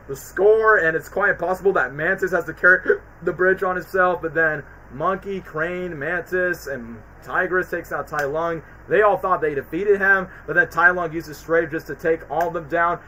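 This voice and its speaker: A man streaming a casual film ranking, talking in an excitable, rambling way with many fillers. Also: fairly high pitch, normal speed, a little hiss or hum, low-quality recording. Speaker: streamer reviewing films. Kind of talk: casual chat.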